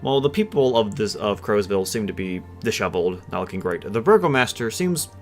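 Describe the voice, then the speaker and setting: A man's voice: lowish voice, expressive, fairly quick. A man narrating a tabletop roleplaying game as game master, casual and descriptive. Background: soft background music.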